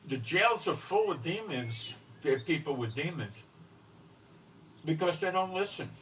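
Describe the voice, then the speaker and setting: A man delivers an unscripted religious monologue in a blunt, insistent manner, often pausing to ask if you follow. He sits back from the mic, with a faint hiss of noise underneath. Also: fairly high pitch, expressive, fairly bright tone, far from the mic, rough recording. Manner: blunt and emphatic, often checks in with "okay?". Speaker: religious commentary host.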